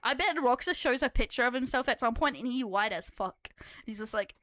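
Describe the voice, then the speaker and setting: A woman's voice: a little high, moderate pace, a bit bright, no room sound. A young Australian woman streaming live, chatting casually with her viewers, laughing often and swearing as she teases.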